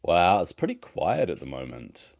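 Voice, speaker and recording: A man's voice: low-pitched, wildly swooping pitch, normal speed, gravelly, darkish tone. A man chatting casually with friends in a gaming voice chat, easygoing and chiming in. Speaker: guildmate in voice chat.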